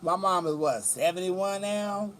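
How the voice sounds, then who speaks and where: A man in his forties from California holds forth in a casual vlog, his voice sitting a touch high. He tells things in a chatty, foul-mouthed way, with faint outdoor ambience behind him at the beach. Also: unhurried, fairly bright tone, slight background noise. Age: 40s. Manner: chatty, profane storytelling. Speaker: vlogger. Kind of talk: casual chat.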